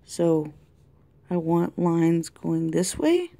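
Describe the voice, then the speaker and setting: A woman talking through a colored-pencil tutorial in a chatty way, thinking aloud and often dropping to a soft whisper. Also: fairly low pitch, sing-song, very slow, creaky. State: has the hiccups. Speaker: art tutorial host. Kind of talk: casual drawing tutorial narration. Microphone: camera mic close to the desk.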